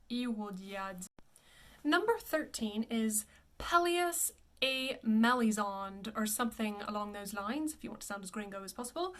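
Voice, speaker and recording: A voice coach modeling words slowly. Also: female voice, fairly high pitch, a bit bright. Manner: models each word slowly and repeats it. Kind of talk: pronunciation lesson.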